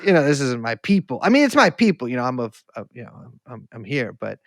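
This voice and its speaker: A man with a fairly high voice that swoops up and down as he rambles through profane, joking stories. He is a podcast co-host in loose casual chat. The recording is close and dry, with no room sound. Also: very animated, quick pace, no echo. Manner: rambling, profane, jokey storytelling.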